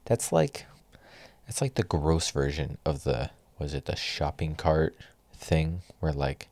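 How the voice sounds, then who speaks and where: A man's voice: a bass voice, expressive, slow, gravelly, a little mellow, dry recording. A young man hosting a solo podcast, ranting with exasperation and lots of swearing. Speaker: podcast host.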